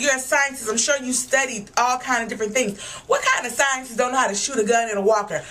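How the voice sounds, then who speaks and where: A woman's voice: a little high, fairly quick, few pauses, pushed and bright. A young woman vlogger giving a casual, blunt and profane rant reviewing a TV episode. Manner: blunt, profane, exasperated ranting.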